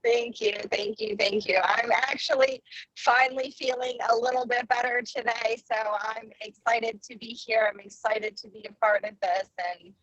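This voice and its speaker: Forty-something woman on a call from her car, high voice, dry close sound, chatty. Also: level tone, moderate pace, fairly bright tone, no echo, highs cut off. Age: 40s. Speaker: retreat participant. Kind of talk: casual chat on a call.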